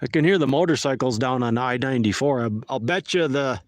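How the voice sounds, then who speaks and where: Casting: a friendly, rambling man with an average-pitched voice, chatting to his stream. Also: a little fast. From eastern North Dakota. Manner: rambling and friendly, with restarts and self-mockery. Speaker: livestream host. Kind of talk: casual livestream chat. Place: outdoors on a lake, kayaking. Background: birds and faint outdoor noise.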